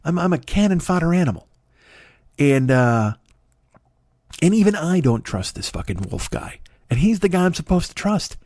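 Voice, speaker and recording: A man's voice: fairly high pitch, very animated, moderate pace, darkish tone, dry recording. A man voicing a dim, resigned sheep who talks about itself in a plaintive, self-deprecating way.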